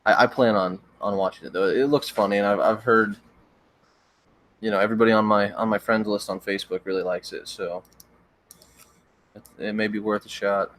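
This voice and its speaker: A young man hosting a livestream, chatting casually with viewers in a relaxed, rambling way with frequent stammered restarts. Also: on the low side, brisk, long pauses, no room sound. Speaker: livestream host. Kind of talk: casual chat reading viewer comments.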